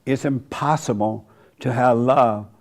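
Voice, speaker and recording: A man in his seventies hosts a church gathering with a folksy, conversational sermon monologue, often laughing and mocking. His voice is medium in pitch, a little slow and creaky.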